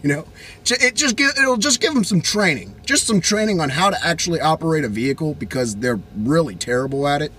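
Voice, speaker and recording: A young man from Virginia ranting casually in an animated, rambling way, with many restarts. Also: a little high, fast talker, husky. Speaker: vlogger. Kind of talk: casual rant.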